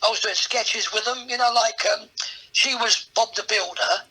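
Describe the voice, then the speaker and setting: A man's voice: high-pitched, normal speed, sharp tone, slightly rough, poor audio. An older man, a comedian, chatting as a guest and telling rambling anecdotes full of tag questions. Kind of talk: casual anecdotal chat.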